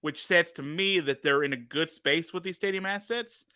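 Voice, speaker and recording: A man co-hosting a podcast, chatting casually with animated, joking energy. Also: fairly high pitch, normal speed, clean tone, dry recording, studio quality. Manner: animated, joking, laughs often. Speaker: podcast co-host. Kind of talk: casual chat.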